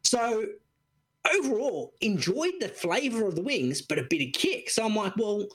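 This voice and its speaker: A man in his thirties co-hosting a podcast in casual chat. His voice sits high and has a husky edge. His delivery is animated, with wide swings in pitch, and he acts out every quote in the story. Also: normal speed. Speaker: podcast co-host.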